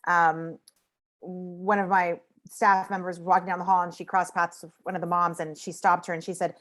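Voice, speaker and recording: A woman's voice: fairly low pitch, little pitch movement, moderate pace, fairly bright tone. A woman speaking as a nonprofit founder on a video call panel, telling stories in an earnest, reflective way.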